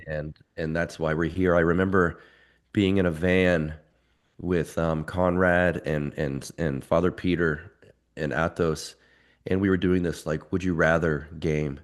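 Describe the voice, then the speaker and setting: Very deep-voiced man telling a story. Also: steady tone, unhurried. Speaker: guest. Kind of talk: casual conversation.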